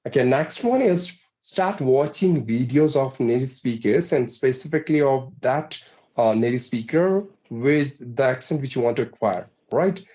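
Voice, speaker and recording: A man's voice: mid-range voice, animated, normal speed, a little mellow, rough recording. A man earnestly explaining, point by point, how he learned to speak, as an interview guest. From India. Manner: earnest, explanatory, numbered tips. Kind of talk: interview answer.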